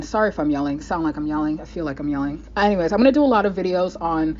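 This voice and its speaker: A woman's voice: deep voice, rapid-fire, a little mellow, lo-fi sound, a little hiss or hum. A young woman from the United States, a vlogger rambling in casual talk to the camera, restarting her sentences often.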